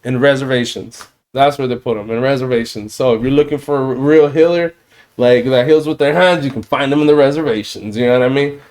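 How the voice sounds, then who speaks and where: A man's voice: medium pitch, fairly quick, darkish tone. A man hosting a podcast, talking in a loose, rambling way and often checking in with "you know what I mean". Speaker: podcast host. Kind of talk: casual podcast chat.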